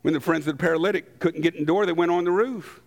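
A man preaching a sermon, emphatic, acting out quotes and pausing for effect. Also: on the high side. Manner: emphatic, acts out quotes, dramatic pauses.

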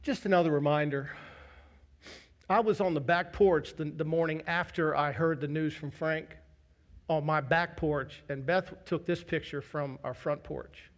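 Guy with a pretty high voice preaching in church, tells a personal story, pokes fun at himself. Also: normal speed. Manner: candid storytelling with self-deprecating humor. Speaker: pastor. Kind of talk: sermon.

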